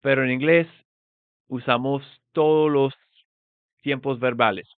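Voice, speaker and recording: A man teaching a live bilingual English lesson who explains slowly and repeats example phrases with emphasis. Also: mid-range voice, fairly even intonation, smooth, dry recording. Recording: dry, phone-like narrow sound.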